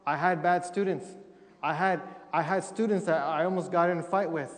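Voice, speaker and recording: A man's voice: on the high side, fairly even intonation, moderate pace, big-room sound. A young man giving a humorous missionary testimony to a congregation, acting out what people said. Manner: humorous storytelling, acting out quotes. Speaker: missionary speaker. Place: church sanctuary.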